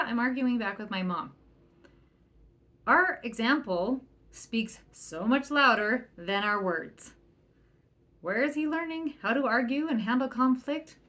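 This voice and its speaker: A woman parenting coach talking through a solo podcast episode, earnest and chatty, acting out the lines of the people she quotes. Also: on the high side. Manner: earnest, chatty, quotes others in lively bursts. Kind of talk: casual solo podcast talk.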